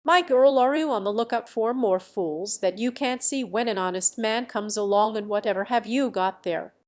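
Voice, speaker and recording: A woman reads out a brusque village baker from a fairy tale. He is quick to anger and accuses as he speaks, in a voice near her ordinary reading tone. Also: medium pitch, a little mellow, lightly acted. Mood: angry. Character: angry grown man, village baker.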